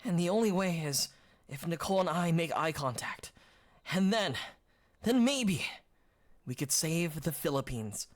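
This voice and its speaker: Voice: medium pitch, animated, measured pace, long pauses, close to an everyday voice. Deku, put on by a streamer. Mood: earnest. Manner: earnest, overdramatic impression. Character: earnest young anime hero boy.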